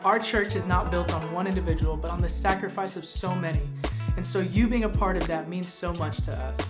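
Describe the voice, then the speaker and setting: A woman's voice: fairly low pitch, fairly even intonation, a little fast. Woman reading a church sign-off over music. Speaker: church announcer. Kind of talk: scripted closing announcement. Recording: loud music bed behind the voice.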